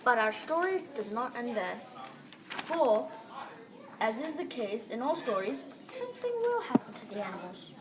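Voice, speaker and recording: A woman's voice: fairly high pitch, very animated, moderate pace. A woman reading a story aloud as one of several narrators, plain with a few restarts. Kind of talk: group read-aloud narration. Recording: crowd noise behind.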